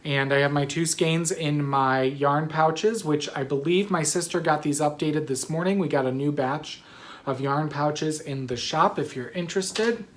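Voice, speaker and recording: A woman's voice: deep voice, unhurried. A woman hosting a knitting video podcast in a casual, rambling way, sleepy and yawning, often apologizing. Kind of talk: casual chat.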